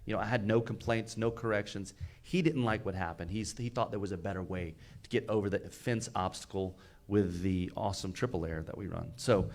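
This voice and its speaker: A man's voice: fairly low pitch, fairly quick, few pauses, darkish tone. A man, a fire battalion chief, telling a rescue story in casual podcast chat, earnest and emphatic, often stumbling and repeating words. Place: recorded live on location at a fire expo.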